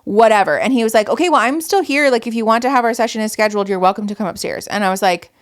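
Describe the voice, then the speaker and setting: A woman hosting a podcast races through a story in casual chat, her medium-pitched voice clean in tone. She's an animated storyteller who swears often and acts out what people said.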